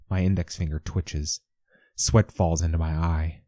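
A man narrating a first-person story in a tense, measured, intense way. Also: rumbling low, little pitch movement, dark tone, no echo, clean studio sound.

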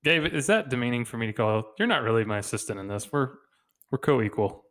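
A man's voice: medium pitch, animated, brisk, fairly bright tone. A man in his thirties co-hosting a casual podcast chat, joking, laughing often and putting on voices for quotes. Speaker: podcast co-host.

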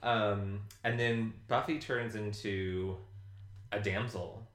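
Man, casual podcast chat, low voice, echoey room, profane and jokey. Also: fairly even intonation, slow pace, a bit bright. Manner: profane, joking, laughs often. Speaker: podcast co-host. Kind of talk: casual chat recapping a TV episode.

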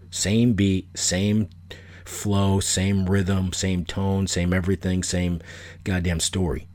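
A man's voice: low voice, a little slow, a little mellow. A middle-aged man hosting a solo podcast, talking casually in a blunt, opinionated, rambling way that repeats itself. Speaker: podcast host.

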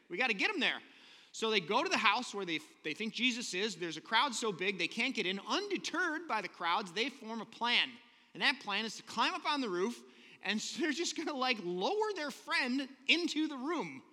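A man preaching a sermon, telling a story in an animated, joking way with little voices for the characters. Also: sits high. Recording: long hall reverb.

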